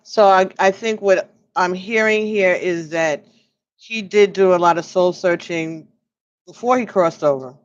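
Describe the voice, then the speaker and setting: A woman giving an oracle card reading on a livestream, musing slowly and pausing as if listening for messages. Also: lowish voice, lo-fi sound. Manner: slow, musing, pauses to listen.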